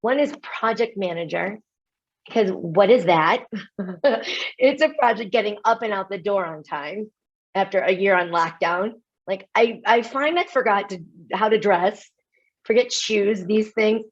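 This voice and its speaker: An American woman gives a lively keynote talk in a webinar, animated and poking fun at herself, with quick asides and laughter. Her voice is mid-range, and the recording has its highs cut off.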